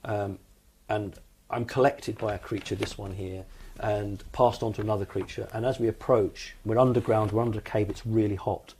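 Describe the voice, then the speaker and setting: A man from the United Kingdom, calmly recounting his experiences as an interview guest in a matter-of-fact, explanatory way. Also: lowish voice, normal speed, slight background noise.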